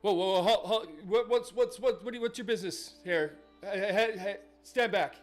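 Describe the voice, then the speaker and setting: A man's voice: high-pitched, normal speed, faint music behind, voice pushed up, natural voice. A man voicing a jumpy young male soldier on guard duty, who stammers and barks repeated orders. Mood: alarmed.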